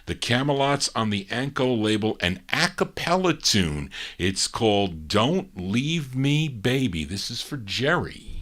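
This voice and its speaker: A man hosting a live oldies record show, introducing listener requests in relaxed, rambling patter with frequent fillers. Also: mid-range voice, measured pace, hardly any pauses. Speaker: oldies radio show host and DJ.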